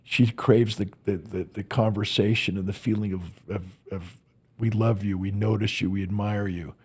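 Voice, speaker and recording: A man's voice: on the low side, fairly even intonation, normal speed, breathy edge. A man who is a motivational speaker, telling earnest stories as a podcast guest and often repeating words as he searches for them. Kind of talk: storytelling in a podcast interview.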